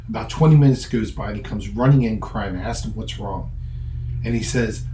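A man with a low, mellow voice speaks briskly, with slight background noise and a roomy echo. He's a pastor and podcast host whose conversational sermon begins with a personal story and builds into earnest teaching through emphatic repetition.

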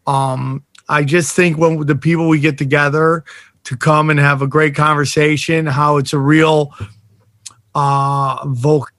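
A man's voice: fairly high pitch, little pitch movement, unhurried, a bit bright, no echo, studio quality. A man co-hosting a podcast, speaking earnestly and appreciatively to his co-hosts. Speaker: podcast co-host. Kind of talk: casual podcast sign-off.

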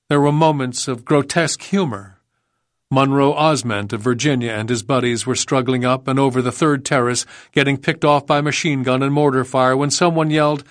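A man's voice: mid-range voice, fairly even intonation, no room sound. Grave male audiobook narrator, dry sound. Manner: measured, grave storytelling. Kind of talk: scripted narration.

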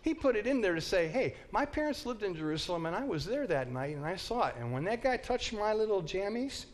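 A man with a fairly high voice leads a Bible class in a classroom. He teaches in an animated, joking way and acts out the story as he goes. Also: a little fast, slight background noise.

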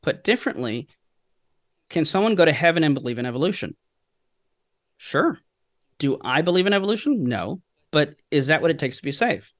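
A man guesting on a podcast explains his approach through anecdotes, posing rhetorical questions and answering them himself. His voice sits on the high side and is very animated, at a normal speed with long pauses and a slightly bright tone. The recording is clean studio sound with no room sound.

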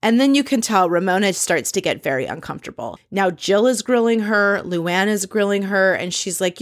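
Woman host recapping a show, chatty and gossipy, mid-pitched, slips into quoted lines. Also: animated, moderate pace, few pauses. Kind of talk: casual episode recap.

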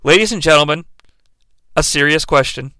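A man rants sarcastically and profanely as a podcast host reviewing a bad movie. His voice sits high and sounds bright and smooth. It is recorded close on a studio mic in a dry room. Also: normal speed, dry recording.

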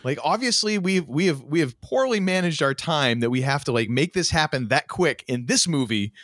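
A man co-hosting a podcast, talking casually and ranting with animated restarts and mock voices. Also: fairly high pitch, moderate pace, no echo, clean studio sound. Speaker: podcast co-host. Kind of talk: casual chat.

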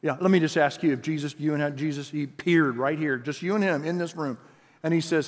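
Brief: animated high-voiced man preaching a sermon, echoing church hall. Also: a little fast. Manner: animated, acts out quotes in voices. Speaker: pastor.

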